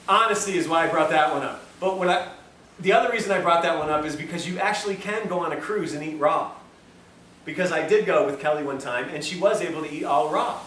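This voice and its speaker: A man's voice: fairly high pitch, animated, a little fast, a bit bright, a little hiss or hum. A man giving a lecture at a health institute, telling a story in a chatty, joking way full of self-mocking asides. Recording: echoey room, distant mic, faint ambience.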